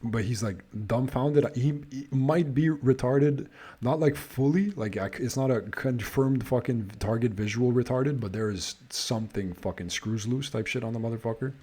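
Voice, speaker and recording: A man's voice: mid-range voice, moderate pace, warm tone, breathy edge. A man hosting a podcast, telling a casual story, swearing nonstop and sounding exasperated as he restarts his sentences. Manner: profane, swears constantly. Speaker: podcast host.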